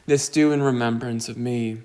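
A man preaching a sermon, slow and deliberate, with emphatic rises on key points. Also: mid-range voice, steady tone, a little mellow. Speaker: pastor.

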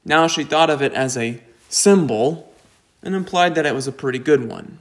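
A man preaching a sermon, slow and deliberate, with emphatic rises on key points. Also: on the high side. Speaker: pastor.

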